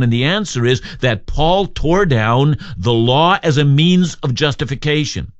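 A man's voice: mid-range voice, animated, measured pace, hardly any pauses, no room sound, muffled recording. A man preaching a radio sermon, earnest and emphatic, reading scripture and posing rhetorical questions. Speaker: radio Bible teacher.

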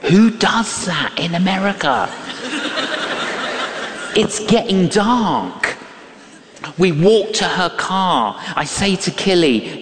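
A man's voice: sits high, big pitch swings, takes it slowly, long pauses, a little hiss or hum. An older man preaching a sermon, telling a story with emphasis, repeating key phrases and acting out what people said. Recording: echoey hall with long reverb.

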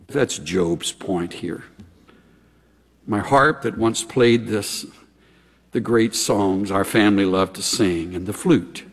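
A man preaching a sermon, slow and dramatic, his voice swinging from loud outbursts to a near whisper. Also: mid-range voice, lively intonation, long reverb tail. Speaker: pastor.

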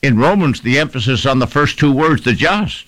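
A man's voice: medium pitch, brisk, a bit bright, no echo, low-quality recording. A man preaching a sermon, stressing his points and repeating phrases in rhythmic lists.

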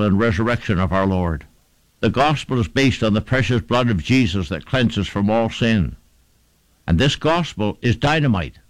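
A man's voice: medium pitch, no echo, rough recording. A man preaching a sermon, quoting scripture with fervent, emphatic repetitions.

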